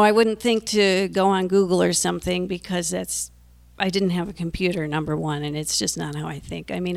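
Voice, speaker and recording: A woman's voice: mid-range voice, creaky. A middle-aged woman telling a personal story to an audience, earnest and anxious, a self-described worrier. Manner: breaks into nervous laughs.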